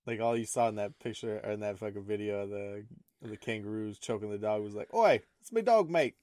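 A man's voice: on the low side, monotone, dark tone, clear, resonant tone, no room sound, studio quality. Young man in joking casual chat. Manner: loose, joking, laughs often, halting restarts. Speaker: podcast co-host.

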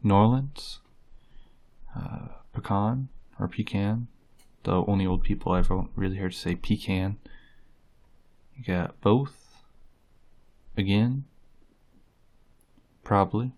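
A man with a drawl talks slowly through a casual vlog, his voice sitting fairly low. He reads each item off a list, pausing on drawn-out "uh" fillers between them. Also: a little mellow. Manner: unhurried, reads words off a list with many "uh" fillers. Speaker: vlogger. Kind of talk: casual accent-tag video.

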